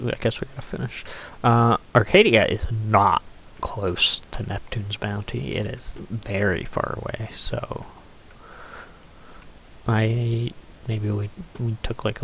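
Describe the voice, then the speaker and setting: A man with a slightly low, gravelly voice talks loosely over a game he is playing. His commentary rambles, full of fillers and casual swearing. A faint hiss sits under the recording. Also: fairly bright tone. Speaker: gameplay commentator.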